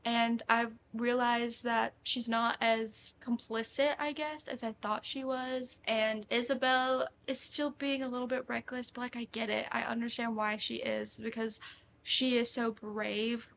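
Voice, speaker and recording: Young woman, a bit high-voiced, casual book vlogger who gushes and gets emotional, faint room hum behind. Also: flat delivery, measured pace, vocal fry, fairly bright tone. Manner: emotional, gushing and chatty. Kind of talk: casual reading vlog.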